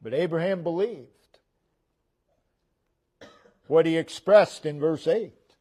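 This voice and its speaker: It's a sermon in a church sanctuary, given by a pastor who preaches slowly and deliberately. Phrase endings fade low and soft, while his emphasis comes through a rising voice.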